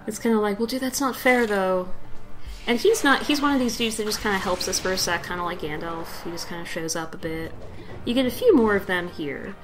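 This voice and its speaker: A woman's voice: medium pitch, expressive, quick pace, over music, poor audio. A young woman giving casual gameplay commentary, rambling with lots of fillers and giggles. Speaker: let's play host.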